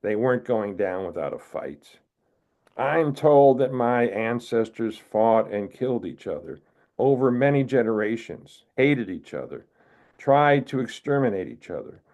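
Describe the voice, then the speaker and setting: An older man from the United States, giving a wry, measured poetry reading as a poet. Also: mid-range voice, sing-song, a little mellow. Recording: narrow phone-like video call audio.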